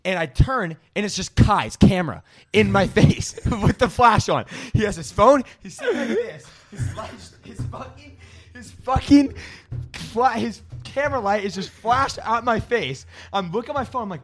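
A young man co-hosting a podcast, telling a lively story with lots of swearing and acted-out quotes. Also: high voice, moderate pace. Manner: animated storytelling, swearing, acts out roommates. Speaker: podcast co-host. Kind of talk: casual chat.

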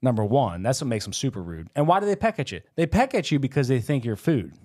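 A man's voice: medium pitch, sing-song, fast, a little mellow. A man co-hosting a casual podcast, rambling, swearing freely and losing his train of thought. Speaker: podcast co-host. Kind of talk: casual chat.

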